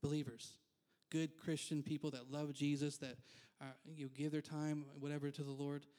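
A man's voice: fairly high pitch, little pitch movement, normal speed, dark tone. A man preaching a conversational sermon as pastor in a church, candid and self-deprecating, with frequent asides.

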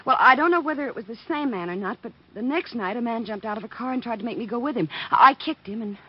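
An actress playing a spirited young woman in 1940s radio acting style, with a breathy voice. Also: a little high, animated, quick pace. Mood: anxious. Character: spirited young woman, photographer, then frightened client. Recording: dull old radio recording.

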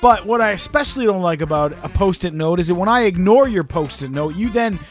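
Foul-mouthed sarcastic guy cohosting a podcast, kinda high voice, bit of music behind. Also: lively intonation, brisk. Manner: crude, sarcastic, profanity-heavy. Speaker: podcast co-host. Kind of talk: casual banter.

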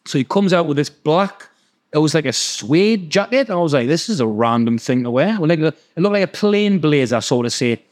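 Geordie bloke, chatty storyteller, fairly high-pitched, swears a lot and does everyone's voices. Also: male voice, lively intonation, moderate pace. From North East England. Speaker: podcast guest storyteller. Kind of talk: casual storytelling.

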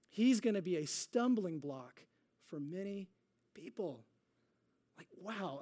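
A man preaching a sermon, moving between conversational asides and slow, dramatic readings of scripture. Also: sits high, a little mellow. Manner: dramatic readings with slowed, drawn-out emphasis. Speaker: pastor.

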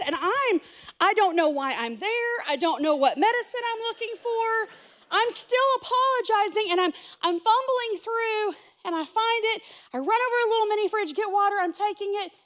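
A woman pastor gives a sermon in a very high voice. She tells a funny story with animated, self-mocking energy, acting out each person's lines. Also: moderate pace.

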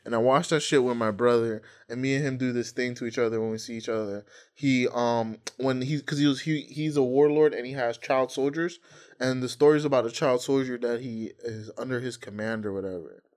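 Laid-back young man telling animated stories. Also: mid-range voice, brisk. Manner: laughs easily, animated storyteller, crude slang. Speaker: podcast host. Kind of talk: casual chat.

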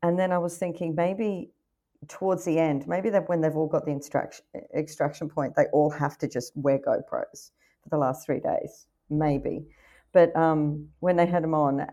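A woman co-hosting a podcast keeps asking puzzled questions in a chatty, casual way. Her voice is low-pitched and mellow, with a warm, soft tone. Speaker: podcast co-host. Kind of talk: casual chat about a TV show.

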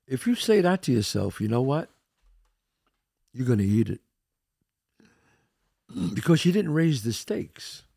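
A man's voice: mid-range voice, big pitch swings, measured pace, creaky, pauses often, warm tone, slightly rough, dry recording, clean studio sound. A man hosting a show, talking emphatically in a motivational monologue and acting out the voices he quotes. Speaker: podcast host.

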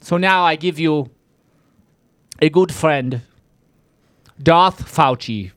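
A man hosting a talk show, sarcastic and excitable, directing the producer from a studio mic. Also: fairly high pitch, slow pace, smooth. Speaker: show host. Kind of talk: mocking political talk show.

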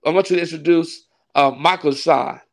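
A man, a pastor, tells a long story in a relaxed interview. His voice sits a little high, and he is animated, often laughing as he acts out the people in his story. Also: normal speed, gravelly. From California. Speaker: pastor and wrestling ring announcer.

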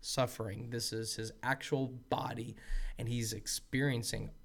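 A man's voice: medium pitch, fairly even intonation, unhurried, vocal fry. A man co-hosting a casual theological discussion, earnest and emphatic, often restarting his sentences. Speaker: podcast co-host.

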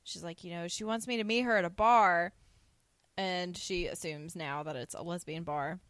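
A woman's voice: on the low side, steady tone, normal speed, fairly bright tone, smooth, no echo. A woman co-hosting a podcast, retelling a TV episode in casual chat and quoting the characters with laughs. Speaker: podcast co-host.

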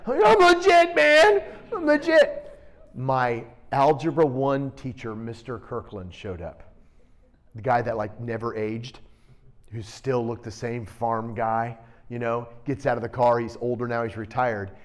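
A man's voice: medium pitch, steady tone, measured pace. Intense, emphatic male preacher. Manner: intense, direct, challenging delivery; swings from quiet storytelling to loud emphatic preaching. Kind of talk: sermon.

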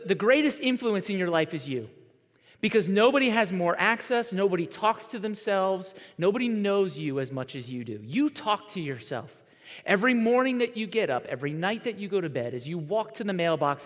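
A man in his thirties preaching a sermon as a pastor, talking in a conversational, animated way and acting out quoted voices as he tells stories. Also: a little high. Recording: long reverb of a large hall.

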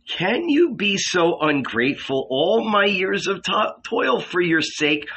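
A man voicing a malicious, mocking male spirit in a slow, taunting way. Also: fairly high pitch, bright, forceful tone, breathy edge, pitched above the performer's own voice, full character voice.

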